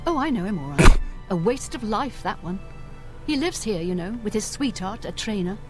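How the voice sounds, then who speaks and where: A woman's voice: medium pitch, sing-song, normal speed, natural voice. A woman voicing a chatty, disapproving innkeeper in a video game who confides gossip about a guest. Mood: gossipy. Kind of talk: game character dialogue. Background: game music.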